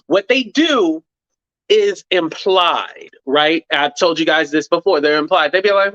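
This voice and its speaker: A man with a high-pitched voice runs his own YouTube commentary channel, chatting casually and animatedly to viewers at a moderate pace. He swears freely, says "blah, blah," and acts out quotes in mocking voices. The recording is muffled with no echo.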